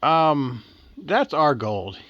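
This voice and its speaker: A man voicing a reluctant, level-headed teenage girl who talks in a flat, grudging way. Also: a little high, drawn-out words, no echo, highs cut off, heavily acted. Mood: firm.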